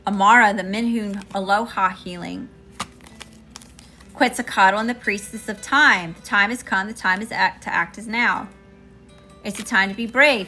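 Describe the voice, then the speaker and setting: A woman's voice: medium pitch, sharp tone. A woman doing a live-stream tarot reading, chatting with viewers between cards. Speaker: tarot reader.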